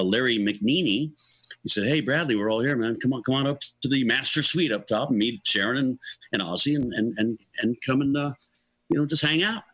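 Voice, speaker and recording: This is a middle-aged or older man telling a story in an interview. His voice is bright and very animated, leaping up and down as he acts out the people in the tale. He chuckles as he goes, and the sound is dry and close to the mic. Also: medium pitch, slightly rough, dry recording, low-quality recording. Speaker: guest musician.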